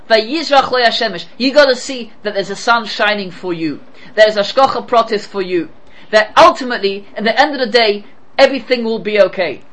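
Animated man teaching a Talmud lesson. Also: rough recording. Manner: animated, rising pitch on questions and quotes. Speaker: Torah teacher.

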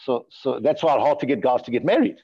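A man teaching a Torah class in an animated way, asking rhetorical questions and often repeating his words. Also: mid-range voice, fast, husky. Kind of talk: Torah lecture. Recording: dull lo-fi recording.

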